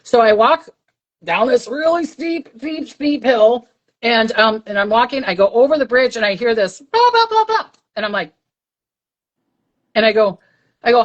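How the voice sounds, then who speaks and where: A woman's voice: on the high side, expressive, moderate pace, pauses often, muffled recording. An older woman, a psychic medium, chatting casually on a livestream and telling a story, acting out the voices she heard.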